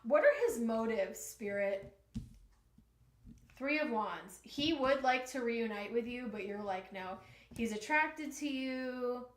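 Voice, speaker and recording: A woman's voice: a little high, expressive, slow, roomy sound. A woman giving a live-stream tarot reading, chatty and emotional, talking to spirit and to her viewers. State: emotional, nearly crying. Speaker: tarot reader.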